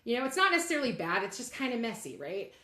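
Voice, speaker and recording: A middle-aged woman telling a work story as a guest in a podcast interview, candid and animated, acting out bits of dialogue. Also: fairly high pitch, fast talker, reverberant. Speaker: guest, legal operations leader.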